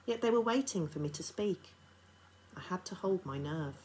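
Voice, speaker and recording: Low-voiced woman reading a story aloud. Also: animated, moderate pace, darkish tone, slight background noise, rough recording. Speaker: teacher reading to a class.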